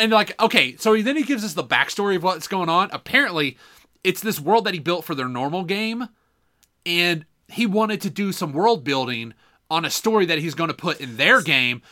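A man on a casual podcast talks in a high, bright voice that swings widely as he tells his story. He is animated and profane and laughs often. He is recorded on a desktop condenser mic. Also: moderate pace. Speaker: podcast co-host. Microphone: desktop USB condenser mic.

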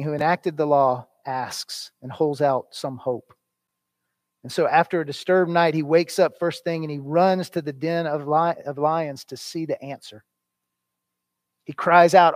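A man with a slightly high voice preaches an earnest sermon. He swings from loud, stressed phrases down to hushed lines. The sound is dry and close, with no room echo. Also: normal speed. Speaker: pastor.

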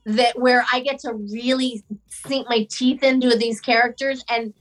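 A woman with a fairly high voice chats as an interview guest, full of fillers, likes and restarts. She speaks over a video call, loose and talkative. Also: steady tone, measured pace, a bit bright, low-quality recording. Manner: chatty, many fillers and restarts. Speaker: actress, guest. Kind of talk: casual interview chat.

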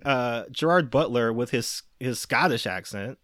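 A man hosting a podcast, talking casually and getting animated as he argues a point, often breaking into laughter. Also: a little slow. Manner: animated, laughing, rising pitch when worked up. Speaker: podcast host.

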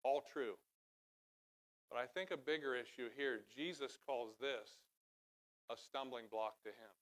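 A middle-aged pastor with a medium-pitched voice preaches on a church stage. He starts in a conversational manner and works his way up to loud, emphatic stretches.

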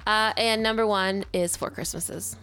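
A woman's voice: mid-range voice, steady tone, a little slow, a bit bright, soft background music. A woman co-hosting a podcast, chatting casually about favourite holiday films with lots of fillers and laughter. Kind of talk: casual chat.

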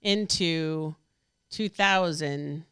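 Dry, teasing woman, smooth low voice. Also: extremely slow, fairly bright tone. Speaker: podcast co-host. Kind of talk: casual chat.

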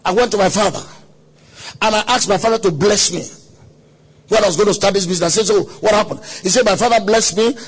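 A man preaching a sermon at a conference, telling a story dramatically with quoted voices and sudden shouts. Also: high-pitched, fast talker, slightly rough. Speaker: pastor. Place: conference hall.

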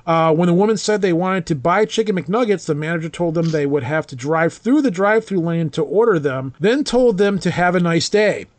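A man's voice: high-pitched, lively intonation, brisk, hardly any pauses. A man hosting a podcast, reading news items with dry sarcastic comments and steering the talk. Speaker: podcast host. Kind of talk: casual chat, reading news aloud.

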